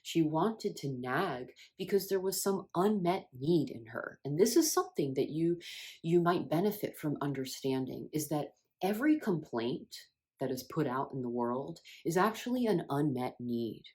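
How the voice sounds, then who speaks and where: A low-pitched woman talking through inner healing in an earnest, reflective monologue. Her tone jumps upward sharply when she stresses a point, then settles back down. She sounds sincere and personal. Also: normal speed. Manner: earnest and expressive, with sudden rises in emphasis. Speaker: spiritual wellness creator. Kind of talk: reflective self-help monologue.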